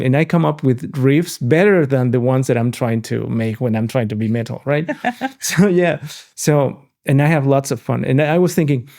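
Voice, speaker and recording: Middle-aged male host; mellow, gravelly, animated and profane. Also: mid-range voice. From Mexico. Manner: animated, swearing, laughing storyteller. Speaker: podcast host. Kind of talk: casual podcast conversation.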